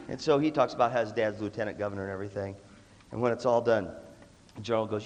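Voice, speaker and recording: A man giving a humorous talk on leadership, telling stories and acting out voices in an animated, jokey way. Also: mid-range voice, rapid-fire. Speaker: leadership speaker. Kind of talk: humorous storytelling talk to an audience. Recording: echoey hall, faint background noise.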